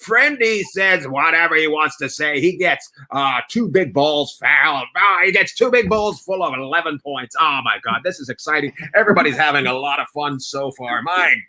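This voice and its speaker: A man hosts a comedy quiz show over a video call. His voice is high and bright, with big swings in pitch, and he laughs constantly while egging his guests on. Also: expressive, moderate pace, few pauses. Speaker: host of an online comedy panel show. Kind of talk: playful game-show hosting.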